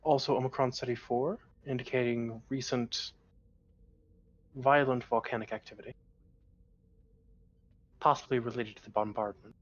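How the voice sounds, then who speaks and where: A man running a tabletop game as game master, reading sensor reports in a flat clipped way. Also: mid-range voice, normal speed, long pauses, muffled recording.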